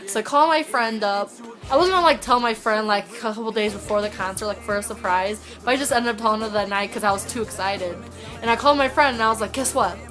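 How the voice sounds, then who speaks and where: A woman from Indiana telling a story in a casual vlog, excited and rambling, filling her talk with "like". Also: medium pitch, fast talker, soft background music. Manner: excited, rambling, heavy use of "like". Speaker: vlogger.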